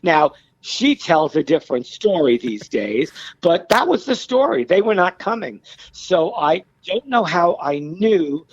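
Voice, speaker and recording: A man's voice: a little high, unhurried, dry recording, lo-fi sound. A middle-aged American man, a podcast guest, telling stories casually and acting out the voices of the people in them. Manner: animated, acts out quoted voices. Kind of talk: casual storytelling.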